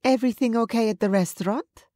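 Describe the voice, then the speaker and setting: A woman voicing an emotional young female head chef in an audiobook, her pitch raised and urgent. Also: fast, mellow, dry recording, clean studio sound, natural voice. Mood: cheerful.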